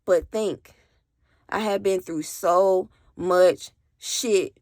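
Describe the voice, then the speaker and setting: A woman's voice: lowish voice, steady tone, very slow, darkish tone, no echo, clean studio sound. Emphatic woman telling a storytime to camera. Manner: emphatic, repeats "literally", swears freely; addresses viewers directly. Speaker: vlogger. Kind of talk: casual storytime monologue.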